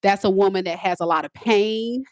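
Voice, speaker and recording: A woman in her forties, a tarot reader, answering viewers in a candid, sassy, animated live-stream chat. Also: mid-range voice, moderate pace, no room sound, studio quality. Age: 40s. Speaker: tarot reader and spiritual advisor.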